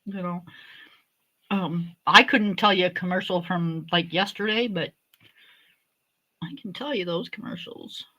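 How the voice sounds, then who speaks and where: Woman host, bright tone, relaxed reminiscing chat. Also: fairly low pitch, a little slow, long pauses. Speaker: livestream host. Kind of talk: casual chat.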